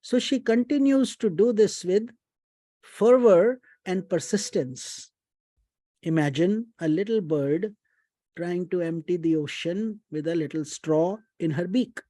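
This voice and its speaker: A man, a spiritual teacher giving an unhurried devotional storytelling talk, chanting mantras and mixing in Hindi phrases. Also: high-pitched, mellow, no echo.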